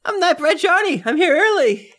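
A squeaky, jittery eccentric, put on by a game master, his voice pushed far above normal. He sounds nervous and eager, and the part is played for laughs in a tabletop game. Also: big pitch swings, normal speed, a bit bright, full character voice.

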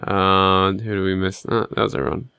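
A man's voice: deep voice, completely flat delivery, fairly quick, gravelly, bright, forceful tone, clear, resonant tone, dry recording. Dry-voiced male podcast co-host. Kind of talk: casual chat.

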